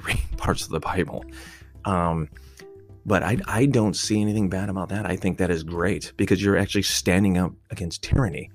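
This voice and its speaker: A man talking in a rambling, profane, irreverent off-the-cuff monologue. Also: low-pitched. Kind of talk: casual unscripted monologue.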